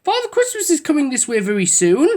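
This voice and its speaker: A woman reading a storybook aloud, voicing a small cheerful wooden boy toy in a high eager voice. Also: huge pitch swings, fast talker, darkish tone. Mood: alarmed. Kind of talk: storybook voice acting.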